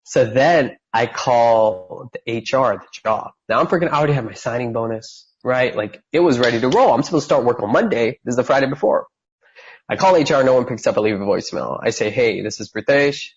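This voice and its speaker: A husky-voiced man in his thirties tells his story on a podcast. He talks with lots of energy and acts out the voices of the people in it. The recording sounds slightly dull. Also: mid-range voice, brisk. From California. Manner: animated storyteller who acts out quoted voices. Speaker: guest.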